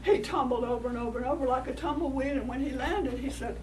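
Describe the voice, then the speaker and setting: A woman's voice: sits high, quick pace. Woman telling stories to kids. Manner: animated, coaxing, interactive with listeners. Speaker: storyteller. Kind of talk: telling a folktale to children. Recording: distant mic, noisy room.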